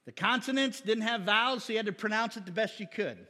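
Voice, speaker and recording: A man preaching a sermon to a congregation, teaching from slides with quick jokes and asides. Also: sits high, pushed and bright, big-room sound. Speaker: pastor.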